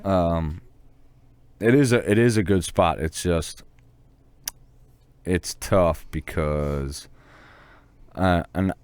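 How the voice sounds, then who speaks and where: A man co-hosting a hunting talk show, swearing freely as he tells a heated story and jumps up in pitch when he quotes the shouting. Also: extremely slow, pauses often, smooth, no echo. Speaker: hunting podcast co-host. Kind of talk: casual chat.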